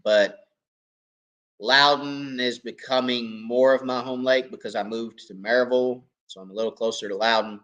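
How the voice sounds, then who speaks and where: A man hosting a live fishing Q&A, hoarse and coughing as he loses his voice, talking in a folksy, chatty way and checking in with viewers. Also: medium pitch, steady tone, moderate pace, fairly bright tone, highs cut off. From East Tennessee. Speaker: fishing channel host. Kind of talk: live Q&A chat.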